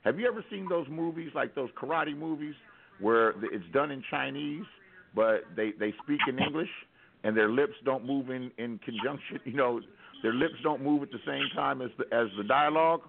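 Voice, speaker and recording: Gravelly man telling a story over the phone. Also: medium pitch, moderate pace, noisy background. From United States. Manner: rambling, wry storyteller with frequent restarts. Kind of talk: casual storytelling on talk radio. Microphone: telephone. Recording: tinny phone line.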